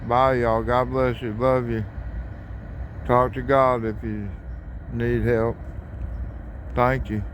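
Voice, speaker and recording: Monotone man by the tracks. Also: medium pitch, takes it slowly, pauses often, a little hiss or hum. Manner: flat, monotone delivery. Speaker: railfan vlogger. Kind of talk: casual narration while filming trains. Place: outdoors by railroad tracks at dusk.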